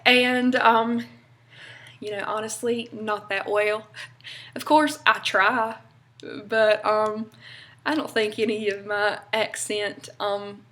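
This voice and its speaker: With a mid-range, fairly bright voice, a young vlogger from North Carolina, USA, talks to camera in her Southern accent. Her casual chat rambles, peppered with many fillers and little laughs.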